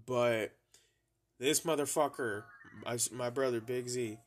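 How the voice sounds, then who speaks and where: Slow-talking profane young man telling stories. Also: medium pitch. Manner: profane, animated, laughs and mimics friends' voices. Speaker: podcast host telling stories. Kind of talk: casual storytelling monologue. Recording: faint music bed behind.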